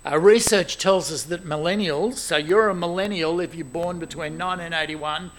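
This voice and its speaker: Aussie guy preaching, fairly high voice, loud bits then hushed asides. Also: moderate pace. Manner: animated, exclaiming, shifts between loud emphasis and quiet asides. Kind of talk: sermon.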